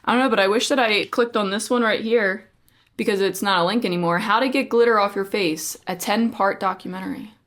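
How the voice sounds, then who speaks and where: A woman co-hosts a casual craft podcast, reading articles aloud and reacting as she goes. She teases her co-host and trips over long words. Her voice sits at an ordinary middle pitch. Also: fairly quick, a bit bright. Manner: playful, teasing, stumbles over hard words.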